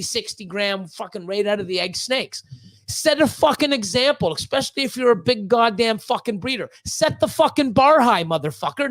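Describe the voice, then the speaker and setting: A man's voice: high voice, fairly bright tone. A man who breeds reptiles, hosting a livestream and ranting at length, blunt and heavily profane, often stumbling over repeated words.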